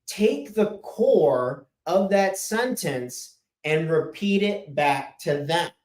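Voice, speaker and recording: This man's fairly high, slightly mellow voice has lively intonation, and he takes things slowly. Working as a life coach, he talks solo, podcast-style, about listening, casual yet emphatic, his tone falling at the close of each point. The setting is an echoey room with a chalkboard.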